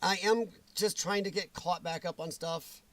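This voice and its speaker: A man's voice: high voice, fairly even intonation, normal speed, fairly bright tone. A man hosting a livestream in casual chat, greeting viewers by name and laughing often, his voice strained and weakened. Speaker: livestream host.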